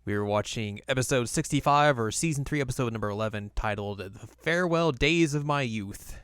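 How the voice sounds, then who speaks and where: A man's voice: medium pitch, a little fast, a bit bright, smooth, no echo, studio quality. A man hosting a casual anime recap podcast, jokey and laughing as he retells scenes. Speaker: podcast host.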